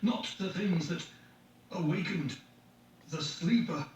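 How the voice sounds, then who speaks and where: A man's voice: high-pitched, takes it slowly, voice pushed up. A man voicing a bitter, intense young man close to hysteria, in a strained, urgent reading of an audiobook. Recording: echoey, distant, dull lo-fi, faint hiss.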